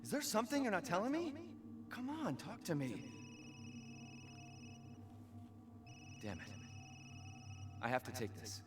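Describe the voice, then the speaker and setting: An actor playing a reassuring young husband in video game dialogue, plain and even-toned. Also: male voice, high voice, fairly quick, music in the background. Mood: pressing. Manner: soothing, then pressing for answers.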